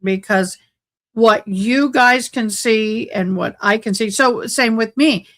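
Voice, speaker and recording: Speaking slowly in a slightly high, somewhat bright voice, a woman hosts a casual YouTube livestream and rants in agitated bursts. She's in a sunlit home room, using a nearby desk mic.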